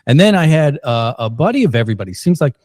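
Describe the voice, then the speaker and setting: A man's voice: mid-range voice, very animated, fast talker, a little mellow, dry recording, clean studio sound. A man hosting a podcast, opening the episode in a chatty, loose way with plenty of fillers. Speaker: podcast host. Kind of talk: casual podcast intro. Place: indoors, recorded in Saint Louis.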